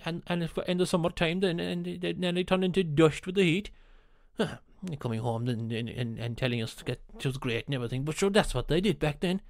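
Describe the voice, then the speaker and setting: A man's voice: a little high, dry recording, clean studio sound. Irish man with earthy, rambling yarns. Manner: earthy, swearing, rambling anecdotes. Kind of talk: casual storytelling chat.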